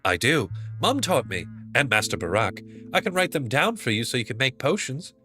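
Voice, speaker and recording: A man voicing a clingy, stubborn little girl in an English accent, high and pleading. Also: big pitch swings, moderate pace, pushed and bright, faint music behind. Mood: eager. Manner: high childish pleading, insistent.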